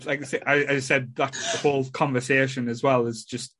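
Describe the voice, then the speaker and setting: A man hosts a podcast in loose, casual chat. He rambles, circles back on himself and keeps saying "like I say". His voice sits at an ordinary middle pitch. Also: level tone, normal speed, a bit bright, slight background noise. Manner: rambling, repeats "like I say". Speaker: podcast host.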